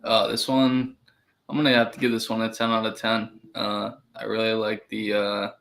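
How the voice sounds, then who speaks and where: A man's voice: fairly low pitch, monotone, normal speed, fairly bright tone. A man speaking as a guest in a casual roundtable chat, hesitant with many fillers.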